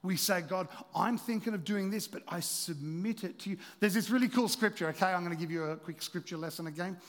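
A middle-aged man delivers a sermon, his voice sitting high. He talks in an animated way, teasing people in the room between points. The sound carries a long reverberant hall tail. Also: fairly quick. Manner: animated, playful asides to the congregation. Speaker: pastor. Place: church hall.

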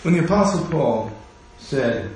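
A man's voice: fairly high pitch, expressive, unhurried, a little mellow, slight background noise. A man preaching a sermon as pastor, impassioned and full of rhetorical questions. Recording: very echoey room.

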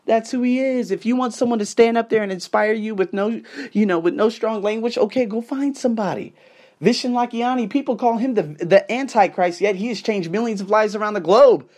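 A man hosting his own show and delivering an emphatic, profane motivational rant full of repetition. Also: very high voice. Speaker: podcast host. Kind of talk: ranting motivational monologue.

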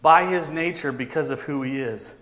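A man preaching a sermon, stressing key words by repeating them and slowing down. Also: a little high, a bit bright, long reverb tail. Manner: emphatic repetition, slowing for stress. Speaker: pastor.

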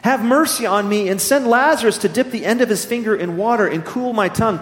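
A man's voice: high voice, lively intonation, brisk, voice pushed up. A man reading the part of a tormented rich man, pleading in a dramatic scripture reading. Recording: echoey hall.

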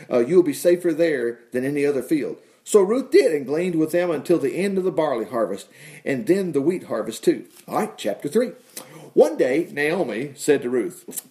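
A man's voice: fairly high pitch, a little mellow. A middle-aged man preaching, reading scripture aloud with folksy asides and exclamations of praise. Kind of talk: folksy Bible-reading sermon.

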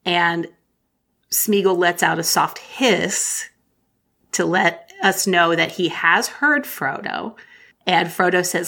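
Woman co-host chatting about a book, bit lower voice, animated, reads bits aloud. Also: slow pace. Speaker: podcast co-host. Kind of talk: casual book discussion.

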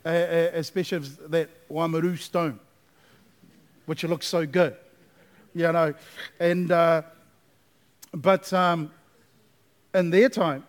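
High-voiced preaching pastor. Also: male voice. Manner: preaching with call-and-response asides, building to emphatic repetition. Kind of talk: sermon.

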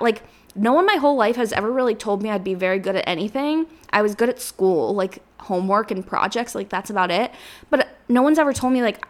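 Young woman, solo podcast host, earnest and rambling, teary, slightly high voice. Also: animated, brisk. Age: 20s. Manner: earnest, rambling, uses "like" and "literally" often. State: emotional, near tears.

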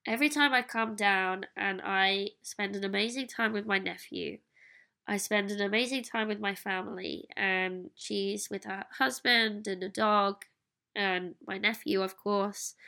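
A woman speaks in a candid, earnest solo podcast reflection. Her voice is bright and forward, with a gravelly fry at the ends of phrases. She sits at a middle pitch for a woman. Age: 30s. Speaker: podcast host.

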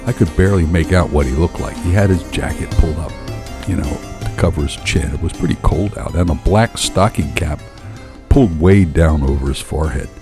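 A man narrating a first-person story in a dramatic, animated and profane way. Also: very deep voice, brisk, over music.

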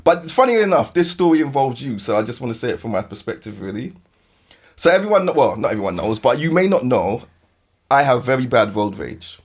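Lively London man telling a story. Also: medium pitch, a little fast, husky. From West London. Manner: animated, laughing storyteller. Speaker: podcast host. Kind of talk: casual storytelling chat.

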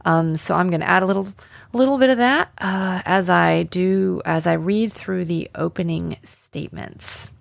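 A woman's voice: on the low side, normal speed, creaky, dry recording, clean studio sound. A woman from Alabama hosting a true-crime podcast alone, talking conversationally with indignation and lots of fillers. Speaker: podcast host.

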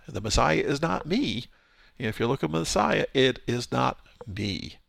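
A man with a strongly gravelly, husky voice teaches through a Scripture passage verse by verse. He explains in a relaxed, conversational way, stopping to restart phrases as he goes. The sound is dry and close, with no room echo. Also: mid-range voice, normal speed. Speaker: Bible teacher.

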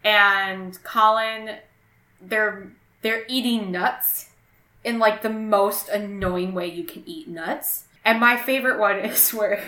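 A woman's voice: mid-range voice, fairly even intonation, slow, bright, forceful tone, echoey room. A woman co-hosting a casual book chat, enthusiastic and reading passages aloud. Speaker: podcast co-host.

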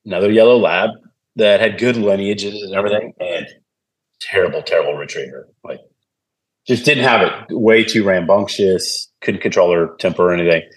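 A man's voice: deep voice, normal speed. A man, a podcast guest, telling stories in a casual chat and acting out the voices of people he quotes. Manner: animated, acts out quoted voices.

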